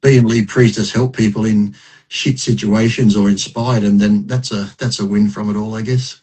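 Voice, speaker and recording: A man's voice: fairly low pitch, steady tone, normal speed, warm tone, breathy edge, poor audio. A middle-aged man, telling stories in a blunt, profane, self-mocking way as a podcast guest. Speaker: podcast guest, retired bodybuilder. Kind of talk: casual interview storytelling.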